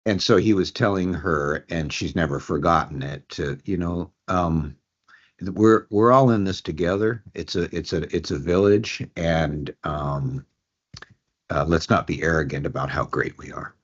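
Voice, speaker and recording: Low voiced guy in his 60s, stops and restarts a lot, kinda muffled audio. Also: slightly rough. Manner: halting, with frequent restarts and fillers. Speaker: guest, addiction treatment executive. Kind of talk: reflective interview talk. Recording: dull lo-fi audio.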